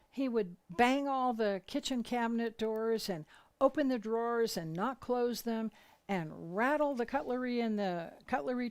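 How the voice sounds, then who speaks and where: Gentle older woman teaching. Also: on the high side. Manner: gentle, unhurried, acts out quoted voices. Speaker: spiritual teacher. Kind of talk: relaxed talk with anecdotes.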